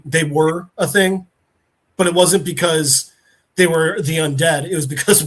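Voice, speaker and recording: A man's voice: a little high, slightly rough. A man hosting a podcast, animatedly retelling a comic story and acting out the characters' lines in casual chat. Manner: animated storytelling, acts out quotes. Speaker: podcast host.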